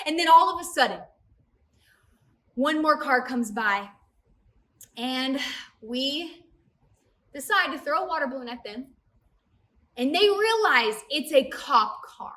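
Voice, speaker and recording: A young woman with a high, bright voice tells a story to a youth group in a lively way, often turning to speak straight to the kids. She sounds a bit distant from the mic, and soft music plays underneath. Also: normal speed. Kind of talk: personal story in a youth service talk.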